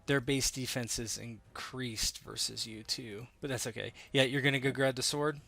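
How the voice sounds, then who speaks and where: A man's voice: mid-range voice, fairly even intonation, normal speed, gravelly, pushed and bright. A man running a tabletop game as game master, explaining rules and thinking aloud with many fillers.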